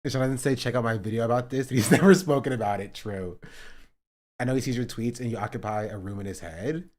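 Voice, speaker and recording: A man's voice: medium pitch, fast, darkish tone. A young man hosting a livestream, reacting to clips in a casual, sarcastic way and laughing often. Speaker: livestream host. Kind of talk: casual stream commentary.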